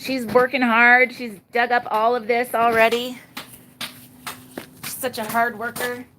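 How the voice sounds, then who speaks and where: A woman speaking a little slowly in a level, higher-pitched voice walks through her garden with a handheld phone, introducing her pet pig. Her casual, rambling chat is full of laughter, and the background is noisy.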